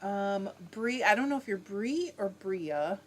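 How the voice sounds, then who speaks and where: A woman's voice: mid-range voice, lively intonation, a little slow. A woman hosting a casual livestream, reading viewer comments aloud and answering them in a chatty way. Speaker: livestream host reading chat. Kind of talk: casual live chat. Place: home, fiber arts livestream.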